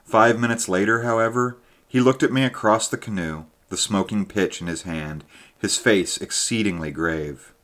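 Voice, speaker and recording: A man narrating a story in a measured storytelling manner. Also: lowish voice, a bit bright. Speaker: audiobook narrator. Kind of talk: scripted narration.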